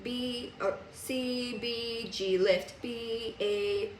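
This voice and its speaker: A woman's voice: on the high side, steady tone, extremely slow, echoey room, distant mic. A woman teaching a piano lesson on video, chatty and casual, laughing now and then. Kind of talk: recorded music lesson. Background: piano playing.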